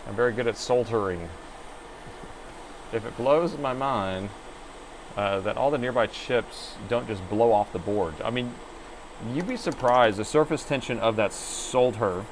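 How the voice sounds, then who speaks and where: A middle-aged man hosts a live laptop repair stream, joking with chat while narrating his soldering and testing steps. His voice is medium-pitched and unhurried, with slight background noise.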